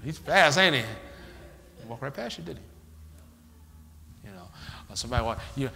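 A man preaching, his voice bright and fairly high, swinging widely in pitch. He calls out for answers from the congregation and acts out church members. Long reverb from the big church hall trails every phrase. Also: animated, normal speed, vocal fry, long pauses, a little hiss or hum. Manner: call-and-response preaching, acting out church members. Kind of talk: sermon.

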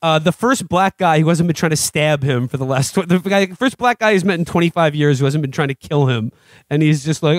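A man's voice: on the high side, fairly quick, dry recording. A man co-hosting a comedy podcast, rambling through a TV review with frequent laughs and restarts. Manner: rambling, laughing, doing mock voices of characters. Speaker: podcast co-host. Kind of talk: casual comedic review chat.

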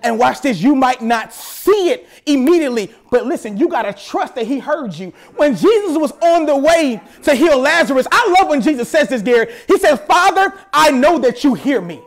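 A man preaching a sermon as pastor at a church service, animated, with playful asides. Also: very high voice, moderate pace, hardly any pauses.

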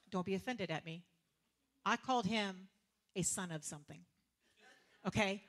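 A woman preacher, giving a lively sermon full of laughter, casual slang and sarcastic humor. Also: medium pitch.

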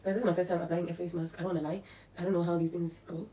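A woman's voice: fairly low pitch, flat delivery, rapid-fire, warm tone. A young woman from South Africa, chatting casually and nervously to camera in a home vlog, thinking aloud as she goes. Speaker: beauty vlogger. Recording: echoey room.

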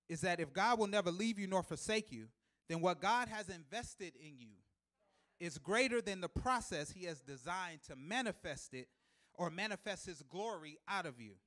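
A man preaching a live sermon in a church, repeating key lines for emphasis and building to loud, emphatic shouts, with chuckles between points. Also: sits high, lively intonation, moderate pace. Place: church sanctuary.

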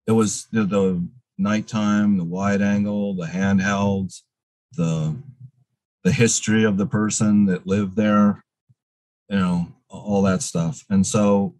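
Low-voiced man telling stories, dry close mic. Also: darkish tone, no room sound, poor audio. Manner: rambling storyteller with many fillers and restarts. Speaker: interview guest, filmmaker. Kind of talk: casual interview chat.

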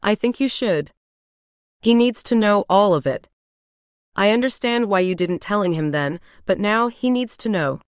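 A woman voicing a calm, protective man who speaks earnestly in an audiobook. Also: medium pitch, moderate pace, clean tone, no echo, studio quality, natural voice.

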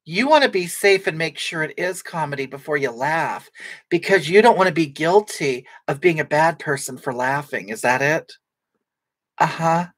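A woman's voice: low voice, expressive, moderate pace, no room sound. A woman playing a brash, sarcastic livestream personality who rambles and snaps back at viewers' comments. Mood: snarky. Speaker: livestream comedy character. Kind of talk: improvised comedic livestream chat.

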